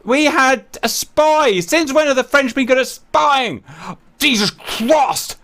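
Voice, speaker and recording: A man commentating a simulated naval battle to his viewers, animated and jokey, swearing as things go wrong. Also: extremely high pitch, slow pace. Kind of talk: excitable game commentary.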